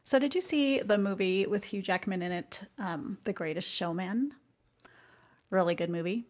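A woman hosting a podcast, talking in an earnest, reflective way about music and life, with soft asides. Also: mid-range voice, moderate pace. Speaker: podcast host.

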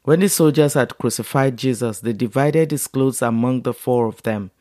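A man reads scripture aloud, unhurried and steady. His voice sits at an everyday middle pitch. The recording is close and dry, with no room sound. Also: no room sound. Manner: measured, unhurried reading. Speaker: Bible reader. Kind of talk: scripture reading.

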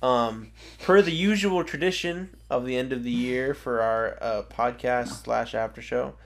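A man with a mid-pitched voice hosts a comedy podcast in a loose, easygoing way. He laughs often and trails into ums as he chats with his co-host. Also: a little slow. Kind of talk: casual comedic banter.

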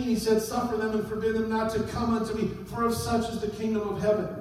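A middle-aged man preaching a sermon as a pastor, dropping low and then rising to sudden shouted peaks. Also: slight background noise. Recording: echoey hall, voice from far off.

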